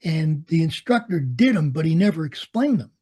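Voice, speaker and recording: An older man recalls his flight training in a relaxed, husky voice. He tells his stories with energy, acting out the dialogue and laughing as he goes. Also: a little high, normal speed. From United States. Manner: animated storyteller, acts out quoted dialogue, laughs often. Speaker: interviewee, Vietnam veteran pilot. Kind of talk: storytelling in an oral history interview.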